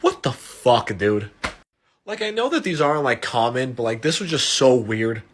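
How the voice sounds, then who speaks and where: Young man, mild stutter, casual storytime, profane, animated, mid-range voice. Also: mid-range voice, normal speed, a little hiss or hum. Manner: animated, profane, self-mocking.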